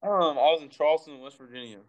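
Young male podcast guest from Texas; easygoing, rambling storyteller, clear resonant tone. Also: a little high, fast, lo-fi sound. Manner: laid-back, rambling with fillers. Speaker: guest, pro baseball pitcher. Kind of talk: casual storytelling. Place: recording for a podcast.

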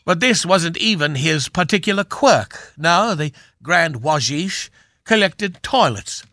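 Actor playing a haughty aging matinee swordsman, high voice, slow, bright and grand. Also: animated, dry recording, clean studio sound, full character voice. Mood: pompous. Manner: grand, theatrical, drawn-out delivery. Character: pompous aging knighted male film swashbuckler. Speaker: guest. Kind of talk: radio comedy character bit.

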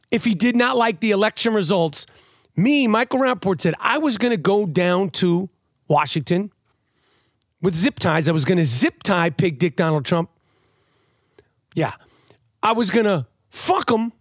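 Middle-aged New man, high-pitched and very animated, profane comic rant. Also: dry recording, studio quality. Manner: animated, loud, profane, swings between shouting and muttering. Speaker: comedian ranting to camera.

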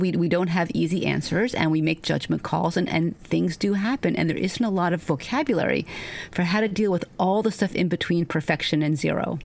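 A woman doctor, a guest on a podcast, telling wry, animated stories about her medical training. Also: on the low side, gravelly. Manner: animated, wry anecdotes with vivid quotes. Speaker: physician guest. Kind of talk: conversational storytelling.

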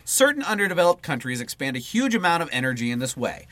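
A man on a podcast reads a long political passage aloud, his voice bright and ringing with lots of pitch movement. He swears freely and slips into offhand asides between sentences. The sound is close and dry, with no room around it. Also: sing-song, quick pace, dry recording. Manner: swears freely and breaks into asides mid-reading. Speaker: podcast co-host. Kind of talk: reading a political text aloud, then casual chat.

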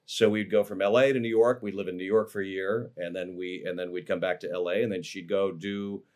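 A man with a fairly low voice shares memories as an interview guest. He rambles along, circling back with plenty of fillers and restarts, in an easygoing, conversational way. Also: fairly even intonation, a little fast, a little mellow. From Los Angeles, USA. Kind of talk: casual interview storytelling.

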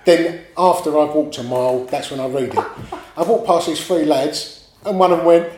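Lively man telling stories. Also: a little high, normal speed. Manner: animated, laughing, swearing storyteller. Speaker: guest artist. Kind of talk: casual storytelling chat. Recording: echoey room, faint background noise.

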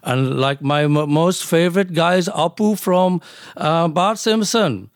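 A man's voice: a little high, a little slow, no echo, studio quality. A middle-aged man from the UK, a doctor guesting on a podcast, telling jokey anecdotes in casual interview chat. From UK, born in South Wales, raised in Leeds. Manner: chatty and jokey, tells anecdotes.

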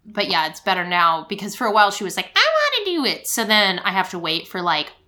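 A woman in her thirties chatting casually as a podcast co-host, animated, slipping into a squeaky toddler voice when quoting. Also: quick pace. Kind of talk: casual chat.

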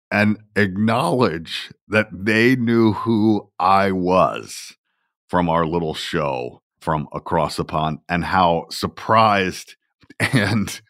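Male podcast host, deep voice, reflective storyteller with an unhurried delivery. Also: a bit bright, no echo, clean studio sound. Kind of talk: casual podcast talk.

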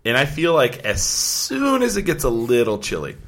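A man's voice: mid-range voice, huge pitch swings, moderate pace, fairly bright tone. A man co-hosting a casual chat show, telling loose, profane stories and acting out other people's lines. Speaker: podcast co-host.

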